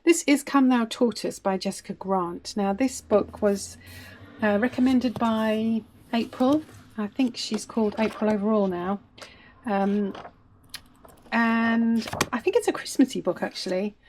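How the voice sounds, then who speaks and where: A woman's voice: on the high side, measured pace, a little mellow, a little hiss or hum. Chatty woman in her fifties. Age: 50s. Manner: chatty, hesitant with frequent ums. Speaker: book vlogger. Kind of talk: casual chat to camera. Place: small home bedroom with books.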